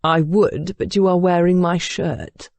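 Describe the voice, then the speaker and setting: A woman's voice: on the low side, steady tone, unhurried, gravelly, darkish tone, no echo. A woman doing a grumbly, disdainful young duke. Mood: curt. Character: gruff young male duke, curt and disdainful.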